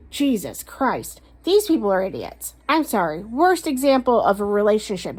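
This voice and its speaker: A woman doing a casual tarot reading, blunt and emphatic, swearing often as she rants and gives advice. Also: a little high. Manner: blunt, ranting, swears a lot; emphatic, stresses words slowly. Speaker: tarot reader.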